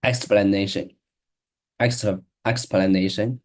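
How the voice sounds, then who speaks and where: A man's voice: fairly low pitch, fairly even intonation, a little slow. A man learning English, reading aloud hesitantly, with many restarts and stumbles over words. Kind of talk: casual reading-aloud practice.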